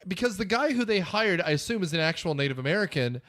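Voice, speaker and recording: Male podcast fill-in host, high pitch, sarcastic ranter. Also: big pitch swings, quick pace, fairly bright tone. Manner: sarcastic, ranting. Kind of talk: casual podcast banter.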